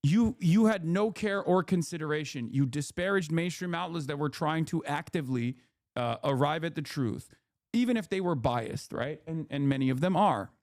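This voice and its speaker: On a casual livestream, a male political commentator launches into a heated, profane, sarcastic rant. His voice is fairly high and a little mellow, with lively intonation and a moderate pace. The recording is studio quality with no echo.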